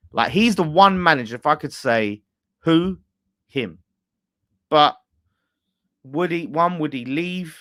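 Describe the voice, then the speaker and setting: A man's voice: mid-range voice, fairly bright tone, no room sound, clean studio sound. A man, presenting a fan channel, ranting bluntly and swearing in casual chat. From England.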